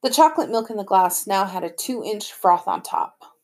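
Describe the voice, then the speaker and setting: A woman's voice: medium pitch, expressive, normal speed, a little mellow. A woman narrating an audiobook in plain first-person storytelling. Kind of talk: scripted narration.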